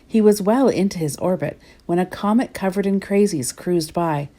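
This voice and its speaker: A woman reading a children's picture book aloud, giving the characters lively voices. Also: moderate pace, hardly any pauses. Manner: lively, voices the characters with big pitch jumps. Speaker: storybook reader.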